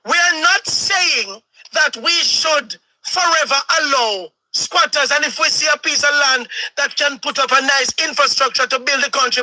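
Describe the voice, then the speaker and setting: A man's voice: very high voice, moderate pace, sharp tone, dry recording, low-quality recording. A man with a Jamaican accent giving impassioned political commentary as a stream host, switching between patois and standard English. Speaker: host of a live talk stream.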